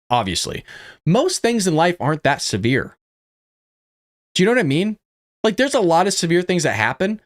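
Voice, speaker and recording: A man hosting a casual political commentary livestream, talking in a chatty, conversational way. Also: fairly high pitch. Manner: chatty, conversational, lots of "you know what I mean". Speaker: host.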